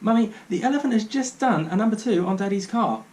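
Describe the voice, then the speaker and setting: A man doing a high, earnest little boy. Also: expressive, fairly quick, a little mellow. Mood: excited. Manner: earnest, insistent chatter. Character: cheeky inquisitive little boy.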